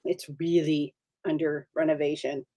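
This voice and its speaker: A woman's voice: deep voice, level tone, moderate pace, mellow. A woman hosting a casual livestream chat, upbeat and chatty with frequent ums. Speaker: livestream host.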